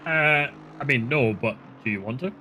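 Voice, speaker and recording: A man's voice: medium pitch, normal speed, pushed and bright, slight background noise. A man co-commentating a sim race, making dry, teasing quips. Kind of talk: casual commentary banter.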